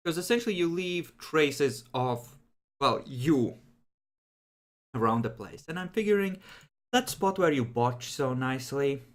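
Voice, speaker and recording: A man acting as game master in a relaxed online tabletop session, joking and swearing freely. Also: mid-range voice, unhurried. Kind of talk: casual tabletop game narration.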